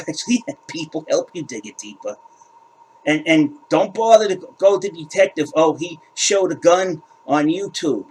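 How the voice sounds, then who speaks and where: On his own crypto channel, a man with a fairly high, darkish voice rants to camera in a heated, casual way, often repeating himself and restarting his words. The recording is rough.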